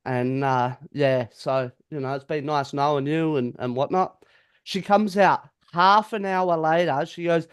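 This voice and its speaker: A man's voice: a little high, moderate pace, clear, resonant tone. A man, a podcast co-host telling a story in casual chat, acting out the quotes and swearing freely.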